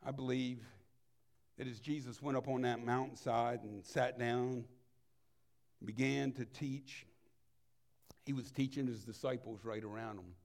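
A man preaching a sermon as a pastor, earnest, moving between hushed and emphatic delivery. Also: medium pitch, fairly even intonation, unhurried, creaky, pauses often.

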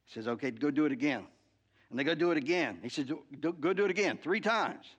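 A man preaching a sermon, telling a story in an animated way and acting out the quotes, often adding "right?" and restarting words. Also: fairly high pitch, fast, breathy edge, highs cut off. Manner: frequent "right?" asides and repeated word restarts. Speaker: pastor.

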